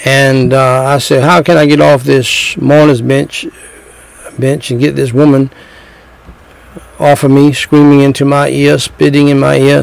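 A middle-aged man preaching a sermon, slow and emphatic, repeating phrases and telling stories. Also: mid-range voice, little pitch movement, vocal fry, clean tone, rough recording.

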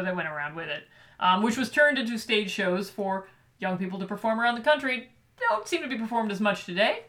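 A woman's voice: medium pitch, sharp tone. A woman co-hosting a podcast, chatting animatedly about a children's picture book and laughing often. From Michigan. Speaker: podcast co-host.

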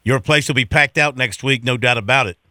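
A man's voice: mid-range voice, fairly quick, sharp tone, dry recording, clean studio sound. A man hosting a sports radio show, chatty and folksy, asking guests leading questions.

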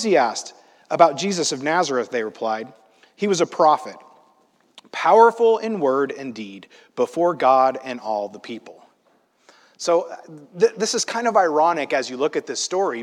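A man preaching a sermon, reading scripture aloud and acting out the story with lively, loud asides. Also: sits high. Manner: animated, dramatizing the story with loud acted-out asides. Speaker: pastor. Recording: long hall reverb.

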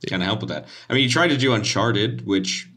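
A man's voice: fairly low pitch, lively intonation, fairly quick, fairly bright tone. A man chatting casually, rambling and trailing off as he talks. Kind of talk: casual chat.

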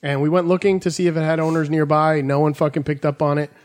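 A man hosting a podcast in casual banter, a profane, rambling storyteller who sometimes slips into squeaky impressions. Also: level tone, fast, darkish tone. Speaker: podcast host.

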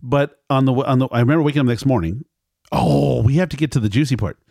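A man's voice: mid-range voice, fast talker, creaky, mellow, no echo. A middle-aged man telling a family story in casual conversation, rambling and correcting himself as he acts out quoted lines.

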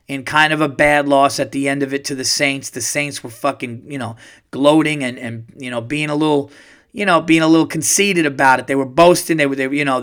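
A middle-aged man hosting his own podcast, chatting casually and swearing freely as he tells stories. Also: medium pitch. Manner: profane, animated storyteller, swears freely. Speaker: podcast host; comedian. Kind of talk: casual solo podcast chat.

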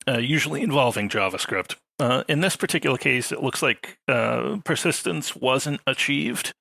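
A man with a crisp, bright voice and a gravelly undertone. He explains things at a measured pace in a casual podcast discussion. His dry humor comes through now and then, and the recording sounds dry and close to the mic. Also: mid-range voice, dry recording. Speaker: podcast panelist.

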